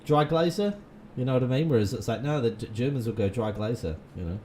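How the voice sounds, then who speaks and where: A man's voice: mid-range voice, fast talker, warm tone, a little hiss or hum. A man, rambling in casual gaming commentary full of fillers and restarts. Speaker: gaming channel host. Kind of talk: casual let's-play commentary.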